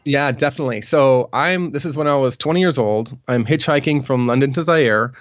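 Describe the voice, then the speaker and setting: A man's voice: mid-range voice, fairly quick, no echo, lo-fi sound. A middle-aged man, a podcast guest, recounting a story in a rambling way with many ums and restarts. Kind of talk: storytelling in an interview.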